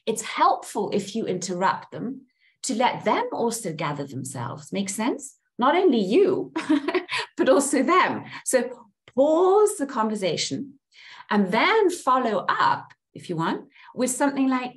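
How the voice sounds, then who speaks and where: Animated woman coaching on listening. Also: a little high, normal speed. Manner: animated, acts out example phrases. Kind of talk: teaching a group session on listening.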